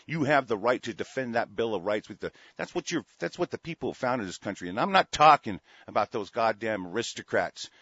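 A man hosting a talk show, delivering an angry, profane political rant in a heated, forceful way. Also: mid-range voice, slightly rough, no echo. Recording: dull, dry lo-fi sound.

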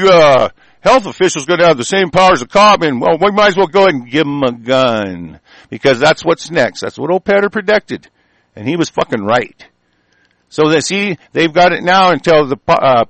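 A man delivering an angry, profane political rant, heated and forceful. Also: high-pitched, no room sound, poor audio. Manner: heated, profane, shouting tirade.

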